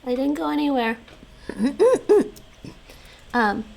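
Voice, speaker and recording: A woman live-streaming in a casual, chatty way, thinking aloud and reading passages aloud while her voice is going hoarse. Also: medium pitch, animated, measured pace, a little hiss or hum, poor audio. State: losing her voice, coughing.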